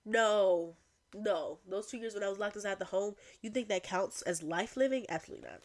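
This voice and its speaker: A young woman hosting a solo podcast, talking in a chatty, rambling way with animated asides. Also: mid-range voice, brisk. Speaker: podcast host. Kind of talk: casual solo chat.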